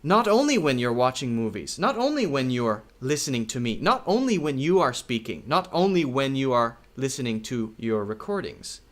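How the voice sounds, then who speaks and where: A male English teacher talks through a video lesson at an easy, deliberate pace. His voice sits in a middle register but rises and falls in a lively way. He repeats key words and often stops to check in with "okay?". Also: mid-range voice. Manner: slow, repetitive, checks in with "okay?".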